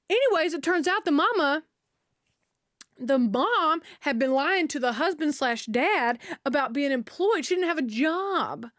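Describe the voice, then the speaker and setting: A woman's voice: high-pitched, fairly bright tone, dry recording, clean studio sound. A young woman streamer retelling a story in casual, slangy chat, full of fillers and outbursts.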